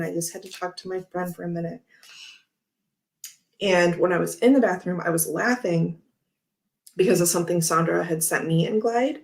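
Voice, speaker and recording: A woman in her thirties hosts a casual tarot livestream with a somewhat low voice. She rambles through stories and readings in an easy, chatty way, laughing often as she goes. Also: moderate pace, long pauses. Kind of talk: casual chat while handling cards.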